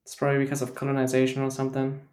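A man co-hosting a casual podcast chat, teasing and deadpan, acting as if he believes none of it. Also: medium pitch, very fast. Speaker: podcast co-host.

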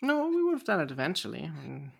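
A podcast co-host in casual chat, playful, teasing and quick to get excited. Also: medium pitch, creaky, breathy edge.

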